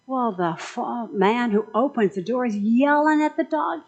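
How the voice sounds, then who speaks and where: A woman's voice: on the high side, moderate pace, few pauses, a little mellow, husky, poor audio. Woman minister, chatty sermon, joking, conversational.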